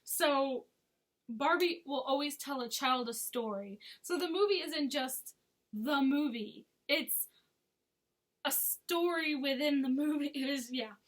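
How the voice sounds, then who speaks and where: A woman's voice: high voice, takes it slowly. A woman chatting casually as a movie reviewer, with frequent giggles and sarcastic asides. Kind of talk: casual chat.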